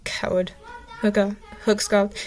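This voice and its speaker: A woman's voice: medium pitch, steady tone, normal speed. A woman reading her own old stories aloud, breaking off into chatty, self-mocking commentary with lots of fillers.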